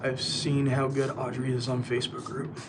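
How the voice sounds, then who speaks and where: An easygoing man chats through a live stream, answering viewer comments and apologizing with a laugh. His voice sits at an ordinary middle pitch. Clear background noise runs under it. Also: completely flat delivery, moderate pace. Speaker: livestream host. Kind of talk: casual live-stream chat reading comments.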